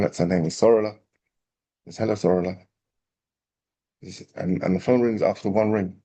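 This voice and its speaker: A man, a rabbi telling a parable in a lively storytelling class. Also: fairly low pitch, slightly rough. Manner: animated storyteller, acting out quotes.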